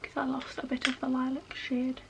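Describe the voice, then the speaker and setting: Woman, makeup vlogger, chatty and self-mocking, fry in the voice, slightly high. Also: monotone, moderate pace, noisy background. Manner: rambling, self-mocking asides while working. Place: at home.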